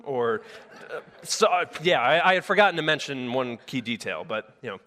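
A man's voice: mid-range voice, animated, a little fast, bright, forceful tone. A male pastor delivering a sermon in a conversational way, often restarting his sentences and using filler words. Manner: conversational with frequent filler words and self-corrections. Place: church sanctuary with a live congregation. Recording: long hall reverb.

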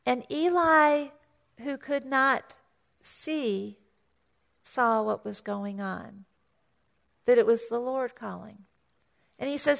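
A woman preaching from the pulpit, retelling a scripture story in a chatty way and acting out the voices of its characters. Her voice sits high and carries a gravelly, creaky edge. She speaks slowly and often restarts, repeating her words as she goes. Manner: storytelling, acts out voices of the story with raised pitch. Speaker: pastor. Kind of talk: sermon.

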